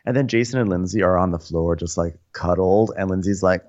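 A man co-hosting a podcast, recapping a reality show in comedic chat with animated storytelling. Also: low voice, brisk, few pauses, lo-fi sound. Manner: animated storytelling, slips into silly impressions. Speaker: podcast co-host.

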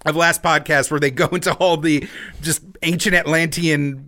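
High, bright-voiced male podcast host. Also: moderate pace. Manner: animated, profane, jokey. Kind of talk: casual chat.

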